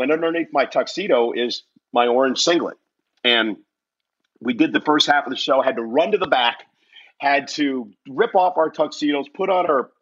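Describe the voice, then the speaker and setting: Man, guest storyteller, husky, bright edge, lo-fi sound, self-mocking. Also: mid-range voice. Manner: lively, self-mocking, acts out quoted voices. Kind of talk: animated storytelling in a casual interview.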